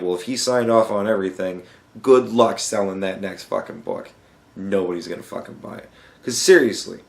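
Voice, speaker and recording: A young man hosting a podcast, ranting sarcastically and swearing constantly. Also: a little high. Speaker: podcast host. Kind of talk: profane casual rant. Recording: echoey room.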